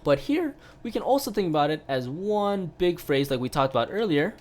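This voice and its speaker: A man's voice: fairly high pitch, very animated, a little fast, darkish tone. A man giving a casual online piano lesson, explaining step by step with lots of "right?" tag questions and filler sounds. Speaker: piano teacher.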